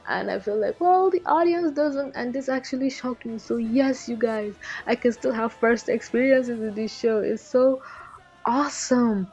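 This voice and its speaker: A woman giving a casual anime episode review in an animated, rambling way, swearing freely. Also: fairly high pitch, normal speed. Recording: dull lo-fi recording with faint background music.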